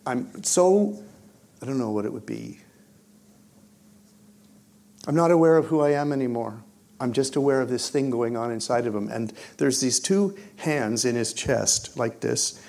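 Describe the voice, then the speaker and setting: A man preaching and telling his own story, swinging between hushed moments and loud, excited bursts. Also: medium pitch, measured pace, vocal fry, long pauses. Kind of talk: testimony storytelling in a sermon.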